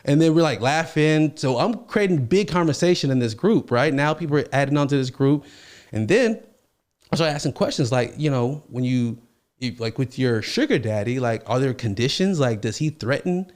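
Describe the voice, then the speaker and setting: A man's voice: mid-range voice, moderate pace. A man hosting a podcast, telling stories casually and acting out the quotes in them. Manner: animated, acts out quotes in his stories. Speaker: podcast host. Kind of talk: casual storytelling.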